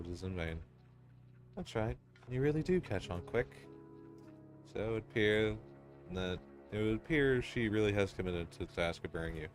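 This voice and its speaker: A man narrating a dark second-person story in a solemn, ominous and deliberate way. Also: sits low. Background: music.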